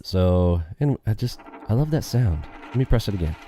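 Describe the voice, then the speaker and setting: A man's voice: lowish voice, expressive, normal speed, warm tone. A man live-streaming his day trading, upbeat and quizzing his viewers with catchphrases.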